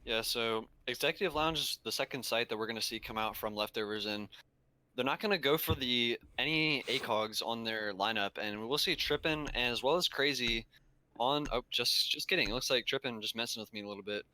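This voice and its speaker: A man casting an esports match, with quick, eager play-by-play calls. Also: medium pitch, sharp tone, a little hiss or hum, rough recording. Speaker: esports commentator. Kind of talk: play-by-play game commentary.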